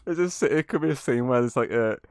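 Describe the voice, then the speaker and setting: A man's voice: mid-range voice, fast talker, dry recording, clean studio sound. Young man, laughing podcast banter. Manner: swearing, laughing, animated retelling of scenes. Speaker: podcast host. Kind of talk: casual movie review chat.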